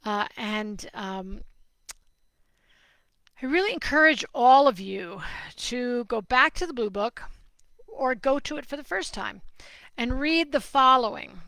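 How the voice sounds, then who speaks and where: Woman hosting a live Q&A, bright voice, slightly high, emphatic and repetitive, dry close sound. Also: animated, measured pace, long pauses, dry recording. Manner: emphatic, repeats words for stress, addresses viewers by name. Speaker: nutrition coach hosting a Q&A. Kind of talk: casual live Q&A teaching.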